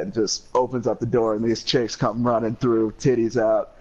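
A man's voice: medium pitch, level tone, normal speed, a little mellow. Laid-back podcast co-host man, dull lo-fi sound. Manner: laid-back, rambling with fillers. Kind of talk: casual banter podcast.

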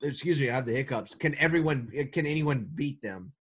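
A man co-hosting a casual sports podcast, talking in an animated, joking way with quick restarts. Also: medium pitch, breathy edge. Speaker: podcast co-host.

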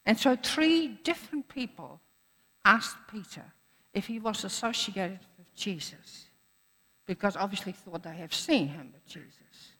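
A woman's voice: mid-range voice, expressive, unhurried, sharp tone, husky. A woman preacher giving a sermon in an earnest manner, repeating phrases for emphasis. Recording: echoey hall.

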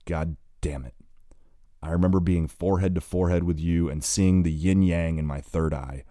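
A man's voice: deep voice, fairly even intonation, moderate pace, no echo, lightly acted. A man voicing a furious, heartbroken drunk young man. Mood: angry. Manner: bitter, swearing, close to shouting.

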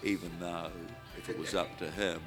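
A man preaching, telling a lively story and acting out the voices, then praying fervently over a crowd. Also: deep voice, normal speed. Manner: animated storyteller, acts out voices, ends in loud fervent prayer. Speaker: evangelist preacher. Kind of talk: sermon with storytelling and prayer. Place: stage before a crowd. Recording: music playing behind.

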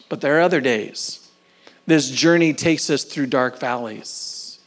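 A man preaching a sermon with deliberate, unhurried delivery. His voice sits a little higher than most men's. He swings between loud, emphatic lines and near-whispers, stretching out the phrases he wants to land. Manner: slow, drawn-out emphasis on key phrases. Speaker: pastor.

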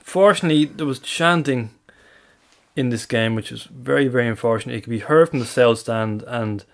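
Sex: man. Role: podcast co-host. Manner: dry, wry, mid-pitched, conversational. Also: a little fast, gravelly. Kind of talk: casual football fan chat.

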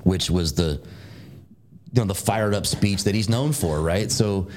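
Middle-aged male guest with a very low voice, casual rambling storyteller, peppers talk with fillers and curses. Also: a little slow, a little mellow. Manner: rambling, many fillers and tags, swears, laughs often. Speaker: guest, military veteran.

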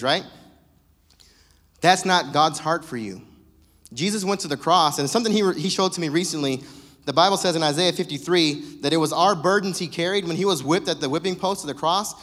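A man's voice: a little high, brisk, a bit bright. A young man preaching a sermon in a casual, joking, conversational way. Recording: long reverb of a church hall.

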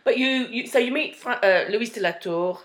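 A woman's voice: a little high, normal speed, roomy sound. A woman co-hosting a casual chat about a TV series, chatty, recapping the plot and adding trivia. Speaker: podcast co-host.

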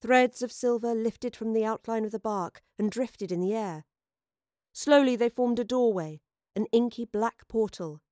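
A woman narrating an audio drama in a measured, dramatic storytelling manner. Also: mid-range voice, a little mellow, no echo, studio quality.

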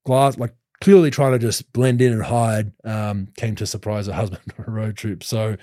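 Man, thirties, podcast host, mellow voice, dry close sound, energetic storyteller. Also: lowish voice, moderate pace, dry recording. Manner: animated storyteller, many restarts, laughs. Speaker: podcast host, former NBA player. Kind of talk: casual storytelling chat.

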